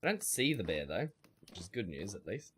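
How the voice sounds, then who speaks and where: A man's voice: sits low, big pitch swings, a little fast, fairly bright tone, slight background noise. A man streaming a survival game, rambling in a wry way and chatting with his viewers. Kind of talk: casual gameplay commentary.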